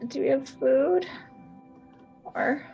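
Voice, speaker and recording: A woman's voice: sits high, takes it slowly, vocal fry, dark tone, dull audio, soft background music, exaggerated voice. A woman playing an anxious adventurer who panics and frets in a tabletop game. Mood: fretful. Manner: panicky, weepy.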